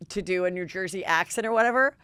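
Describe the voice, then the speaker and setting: A middle-aged woman hosting a podcast, telling gossipy stories in a lively, chatty way. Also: fairly low pitch, clear, resonant tone, no room sound. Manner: gossipy, animated, quick asides. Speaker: podcast host. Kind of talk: casual chat.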